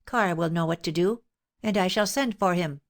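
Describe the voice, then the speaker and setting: A proud, defiant young woman speaks in a cold, clipped manner, as a woman narrator puts her on. The voice sits higher than the reader's own low register. It is an audiobook reading. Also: normal speed, lightly acted. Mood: indignant.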